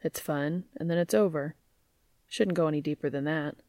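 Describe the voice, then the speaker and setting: A woman reading aloud, voicing an eager, joking grown man who talks fast. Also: sits low, dark tone, no room sound, clean studio sound. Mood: flustered. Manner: quick, joking, talkative.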